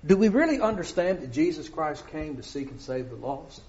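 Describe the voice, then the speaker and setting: High-voiced preacher questioning his flock. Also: a little fast, muffled recording. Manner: questioning the congregation, animated. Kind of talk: sermon.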